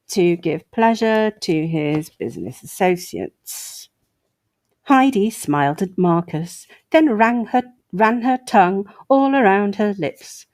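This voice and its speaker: Woman host reading an article out loud, mid pitch, sarcastic little asides, dry sound. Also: no echo. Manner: sarcastic asides between read passages. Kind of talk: reading an article aloud with commentary.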